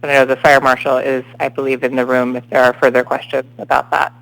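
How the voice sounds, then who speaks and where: A man speaking formally at a public meeting over a speakerphone, measured and careful, with many fillers, his voice coming through a garbled phone line. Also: mid-range voice, completely flat delivery, creaky, a bit bright. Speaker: city administration official.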